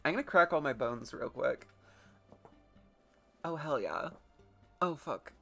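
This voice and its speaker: A woman's voice: sits low, expressive, slow, gravelly, sharp tone, soft background music. A woman streaming a game, chatting casually in a rambling, self-deprecating way and swearing now and then. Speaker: let's play streamer. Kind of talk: casual gameplay commentary.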